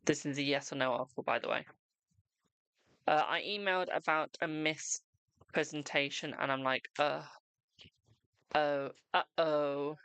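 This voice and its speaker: A man's voice: on the high side, moderate pace, long pauses, bright, forceful tone, smooth, dry recording. A man hosting a live tarot reading stream, chatting casually with viewers and calling them darling and boo.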